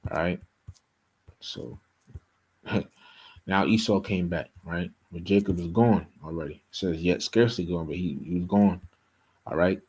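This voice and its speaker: Man, husky voice, lowish pitch, casual bible teaching, frequent "okay?". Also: steady tone, unhurried, pauses often, a little mellow, low-quality recording. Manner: casual, repeats "okay?" and "you know".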